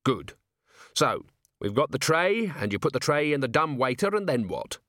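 A hard-driving veteran watch commander, as a male narrator plays him, who thinks aloud in brisk bursts and keeps firing probing questions. His voice sits a little above the narrator's own and is read close and dry. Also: medium pitch, very animated, a bit bright, no echo, pitched above the performer's own voice. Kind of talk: audiobook character voice.

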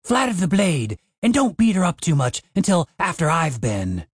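A drunken, leering male elf thug in a fantasy audiobook, giddy and cruel. A man puts him on with a voice pitched well up and bouncing with excitement. The sound is dry and close. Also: slow pace, gravelly, slightly rough, no room sound, exaggerated voice.

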